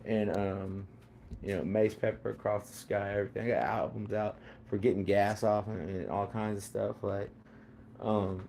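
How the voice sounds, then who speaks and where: A man's voice: on the low side, fairly even intonation, moderate pace, vocal fry, mellow, a little hiss or hum. A man talking in a rambling casual monologue, full of fillers, restarts and repeated phrases.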